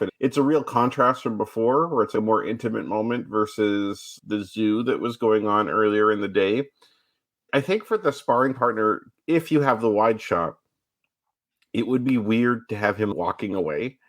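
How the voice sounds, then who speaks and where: A man co-hosts a casual podcast, talking things through in a thoughtful, explaining way. His voice sits a little low. He builds his points step by step. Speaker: podcast co-host.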